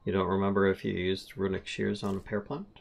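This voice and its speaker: Gravelly-voiced man streaming a game. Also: low-pitched, flat delivery, fairly quick. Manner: easygoing, thinks aloud, laughs often. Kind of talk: casual live-stream chat while playing.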